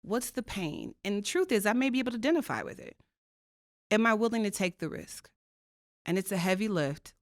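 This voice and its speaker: Speaking briskly and expressively in a mid-range voice, a woman shares conversational stories as a podcast guest, stressing her points earnestly and asking rhetorical questions. She serves as a diversity co-chair on the faculty. The studio-quality recording has no room sound.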